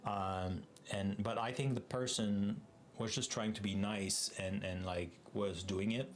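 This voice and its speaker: A man's voice: lowish voice, steady tone, a little slow, slight background noise. A man with a French Canadian accent, a native French speaker, chatting casually and rambling through asides while hosting a live coding stream.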